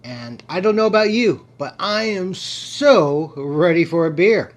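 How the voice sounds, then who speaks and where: A man's voice: sits high, expressive, measured pace. A man hosting a casual beer tasting review, playful and theatrical, savoring each sip aloud.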